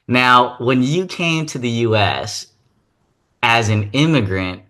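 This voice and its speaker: A man's voice: mid-range voice, expressive, slow pace, sharp tone. A man hosting an interview podcast, talking reflectively and asking his guest questions. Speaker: podcast host. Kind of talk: casual interview talk.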